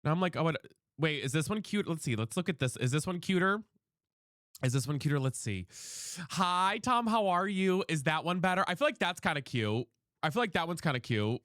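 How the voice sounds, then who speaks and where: Animated young man chatting on stream. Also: a little high, a little fast, no echo, studio quality. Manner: chatty and animated, greets chat by name, swears casually. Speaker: live streamer. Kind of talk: casual live-stream chat while playing a game. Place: room at home.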